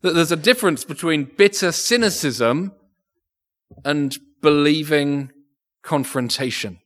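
In an echoey church with long reverb, a man from England preaches unhurriedly, his voice on the high side and a bit bright. He is earnest and frequently repeats words as he works through his thoughts aloud.

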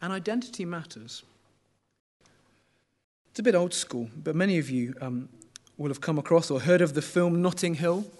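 Chatty preacher, higher voice. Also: male voice, animated, normal speed, darkish tone. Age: middle-aged. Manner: conversational, asks the congregation questions. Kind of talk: sermon.

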